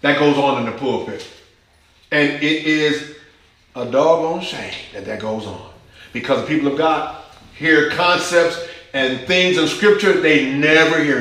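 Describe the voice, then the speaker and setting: A man preaching a sermon, emphatic, rising to high urgent questions and dropping to low intense asides. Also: a bit bright, heavy reverb, low-quality recording.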